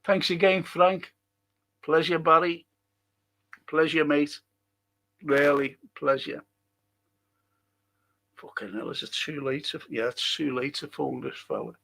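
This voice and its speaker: A man runs a casual livestream and chats his way through viewers' comments. His voice sits a little high and has a gravelly rasp. He talks slowly and rambles, with the odd curse thrown in. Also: fairly even intonation, fairly bright tone. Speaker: livestream host reading viewer chat.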